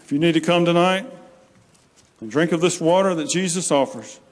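Male preacher, storytelling sermon, slightly high pitch, echoing sanctuary. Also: normal speed, slight background noise. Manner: plain storytelling, acts out quoted voices, repeats phrases. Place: church sanctuary. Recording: long hall reverb.

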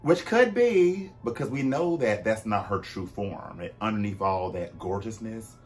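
Animated low-voiced man chatting. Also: a little slow, faint music behind. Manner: animated, swooping pitch and sudden loud bursts; chatty, with frequent "like" fillers. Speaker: vlog host. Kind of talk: casual chatty commentary.

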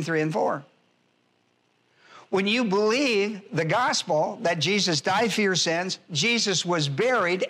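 A man's voice: high-pitched, fairly bright tone. A man pastor giving an expository Bible lesson, emphatic and repetitive, spelling out Greek words as he teaches.

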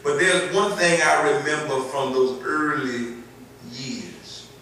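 A man's voice: on the high side, slow pace, sharp tone, slight background noise. A male pastor with a Southern accent preaching a sermon, scattering amens and building to emphatic lines. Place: church sanctuary. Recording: echoey church, heard from far off.

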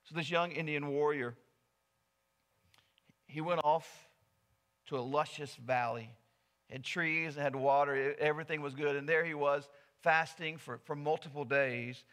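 Earnest storytelling pastor, bright voice. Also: male voice, fairly high pitch, fairly even intonation, unhurried. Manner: earnest storytelling, shifts from soft to loud. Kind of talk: sermon. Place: church sanctuary.

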